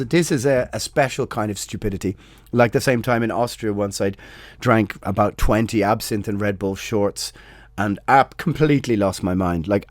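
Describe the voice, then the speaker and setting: A man spins a rowdy tour story for his podcast, swearing freely and poking fun at himself. His voice sits at a middling pitch. The recording is close and dry, with no room sound. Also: no room sound. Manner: animated, profane, self-mocking. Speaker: podcast host. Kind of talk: casual anecdote storytelling.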